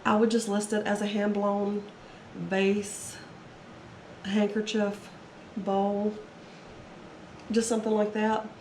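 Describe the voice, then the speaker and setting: Speaking slowly in a monotone, a reseller vlogger with a medium-pitched, darkish voice rambles through her haul in a casual, chatty way. She's recovering from illness and her voice is strained, while the echoey room recording adds a little hiss or hum and faint ambience.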